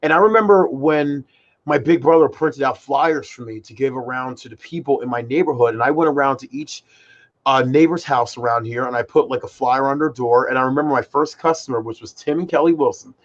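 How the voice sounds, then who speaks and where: Brisk and medium-pitched, a young man co-hosting a podcast rambles through stories in casual chat, the audio dull. Fillers like "like" and "freaking" pepper his excitable storytelling.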